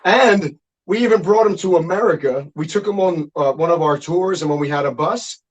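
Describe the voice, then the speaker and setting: A man's voice: fairly high pitch, brisk. Profane, storytelling middle-aged man. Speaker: guest musician. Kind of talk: casual interview chat.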